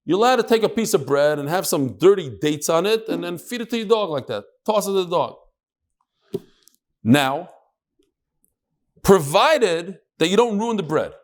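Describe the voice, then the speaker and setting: A man's voice: high voice, lively intonation, moderate pace, pauses often. A man teaching a Talmud class to a room of listeners, joking in asides between readings of the text. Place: classroom with live audience.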